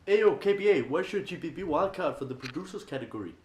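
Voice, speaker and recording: A man playing a brash, quick caller. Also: a little high, lively intonation, a little mellow, close to an everyday voice. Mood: teasing. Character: brash male caller teasing a beatboxer. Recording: roomy.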